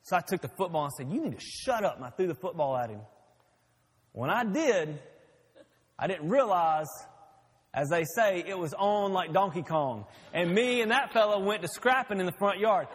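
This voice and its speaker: High-voiced pastor in a reverberant hall. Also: male voice, animated, normal speed, breathy edge. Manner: folksy storytelling. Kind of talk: sermon.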